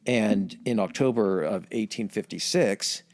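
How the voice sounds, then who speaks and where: Low-voiced man in profane history chat. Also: unhurried, vocal fry, darkish tone. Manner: profane, conversational. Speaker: podcast co-host. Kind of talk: casual comedic history chat.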